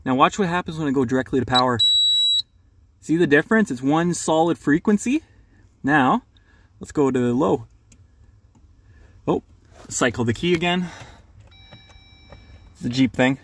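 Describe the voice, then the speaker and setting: A man's voice: fairly high pitch, unhurried, long pauses, fairly bright tone, slight background noise. A male mechanic hosting a casual, plain-spoken how-to tutorial from his garage. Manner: plain-spoken, hands-on, practical. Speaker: mechanic, channel host.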